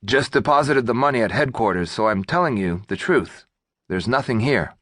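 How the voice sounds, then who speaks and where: A man voicing an unflappable male convenience store clerk who speaks calmly and flatly, in an audiobook. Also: mid-range voice, normal speed, no room sound, studio quality. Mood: unbothered. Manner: calm, flat, unbothered.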